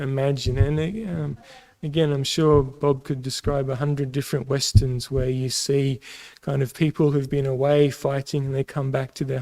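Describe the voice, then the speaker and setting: An Australian man teaching a casual Bible lesson, pausing often with ums and restarts. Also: medium pitch, a little mellow, poor audio. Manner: halting, many ums and restarts.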